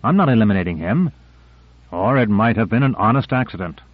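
A man's voice: lowish voice, expressive, a little fast, no echo. Male narrator doing wary agent, terse, dry phone-thin sound. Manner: terse and defensive. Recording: dry narrow phone-like audio.

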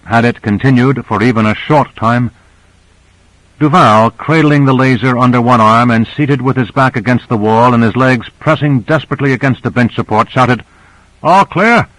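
A man reads a story aloud in steady, measured audiobook narration. His voice sits in a middle pitch. The recording is dry and close. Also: dry recording, rough recording.

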